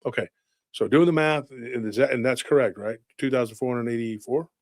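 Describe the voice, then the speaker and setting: A man hosts a casual podcast in a mid-pitched voice. He rambles excitably and keeps firing off rhetorical questions. The recording is dry and close. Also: a little fast, no room sound. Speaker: host.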